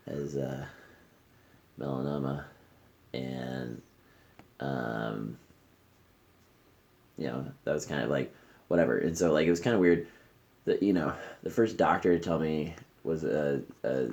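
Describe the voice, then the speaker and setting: A man's voice: very deep voice, unhurried, creaky, pauses often, darkish tone, lo-fi sound. A man hosting a podcast, talking candidly in a casual conversation in a friend's living room, swearing freely and trailing off with fillers. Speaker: podcast host.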